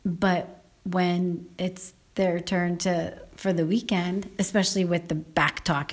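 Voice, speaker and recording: A woman's voice: on the low side, a little mellow. A woman chatting casually on her husband's podcast, explaining how she handles her kids and quoting what they say. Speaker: podcast co-host, host's wife. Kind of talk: casual conversational chat.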